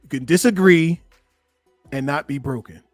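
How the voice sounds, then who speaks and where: A man with a slightly high voice talks as a relationship coach, reacting to a clip. He is animated and emphatic and speaks right to his listeners. His voice is dry and close, with faint music behind him. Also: normal speed, no room sound. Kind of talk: reaction commentary on a played clip.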